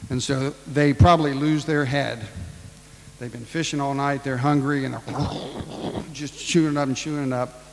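A man's voice: medium pitch, steady tone, normal speed, creaky, long reverb tail, background noise. A man preaching a casual storytelling sermon, ad-libbing and acting out the people in the tale. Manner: casual, ad-libbing retelling with acted-out voices.

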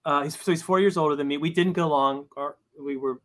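Slightly high and fairly bright, his voice comes quickly with fairly even intonation. The speaker, a comic book writer on as a guest for a casual interview, trips over frequent restarts and jokes at his own expense.

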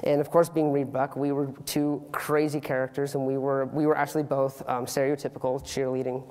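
A teenage boy giving an earnest, animated student talk on stage, with comic asides. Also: mid-range voice, fairly quick, big-room sound. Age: teens. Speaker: student speaker. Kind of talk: youth public talk. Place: auditorium stage.

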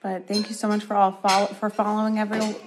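A woman's voice: mid-range voice, little pitch movement, fast talker, noisy background. A woman hosting a family vlog, earnestly thanking viewers and announcing merchandise. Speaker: YouTube host.

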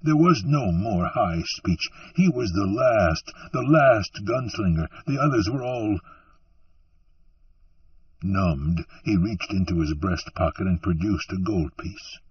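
Measured male audiobook narrator, slow and dramatic; dry sound, dull and recorded from afar. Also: deep voice, lively intonation, slightly rough, no echo, recorded from a distance.

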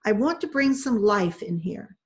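A woman's voice: medium pitch, animated, normal speed, lightly acted. A woman voicing a thin, bossy elderly lady who insists on having visitors. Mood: insistent. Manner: thin, commanding voice.

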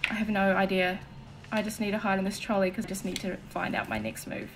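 A woman's voice: medium pitch, sing-song, fast talker, noisy background. A woman giving nervous horror-game commentary, whispering one moment and shrieking the next. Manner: jumpy, swings from whispers to shrieks. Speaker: gaming streamer.

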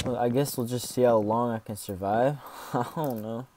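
A man's voice: medium pitch, steady tone, normal speed, hardly any pauses, background noise. A man giving let's play commentary, joking around and yelping in mock panic when things go wrong. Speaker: gaming YouTuber.

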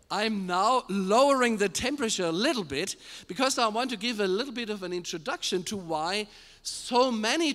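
A male pastor preaching a sermon to a live congregation, emphatic, asking the room questions and building to shouted climaxes. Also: high-pitched. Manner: addresses the congregation directly with questions. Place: church service with a live congregation. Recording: long hall reverb in a church.

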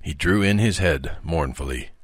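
A man narrating a children's audiobook as a father reading aloud, expressive and measured. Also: extremely low pitch, breathy edge, no room sound, studio quality.

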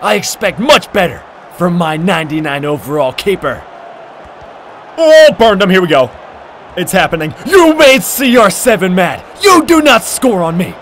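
A man with a very high, bouncing voice narrates his own football video game match, shouting and trash-talking as the plays unfold. His pitch swings widely, and a faint hiss sits under the recording. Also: sing-song, normal speed. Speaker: gaming commentator. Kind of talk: excited gameplay commentary.

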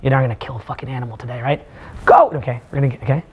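A man leading a live workshop for a small group, talking in a profane, animated way with mock rants. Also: mid-range voice, rapid-fire, highs cut off, slight background noise. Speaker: seminar speaker.

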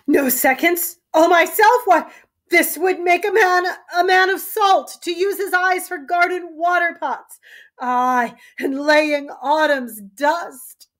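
A woman reading aloud as a mad old king, crying out, laughing and shouting in high, shrill bursts. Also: slow pace, exaggerated voice. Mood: frantic. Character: mad old king, raving, weeping and wild.

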